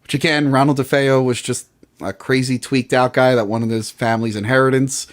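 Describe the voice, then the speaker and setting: A man co-hosting a podcast, talking in a casual, animated way, often laughing and saying "like". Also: mid-range voice. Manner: animated, quick to laugh, lots of "like". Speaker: podcast co-host. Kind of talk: casual chat.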